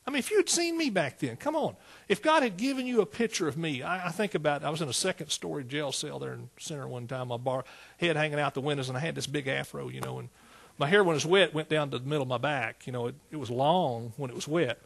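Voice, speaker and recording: A pastor preaches a sermon, moving between plain storytelling and bursts of exclamation. His voice is husky and sits somewhat high for a man. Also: fast talker.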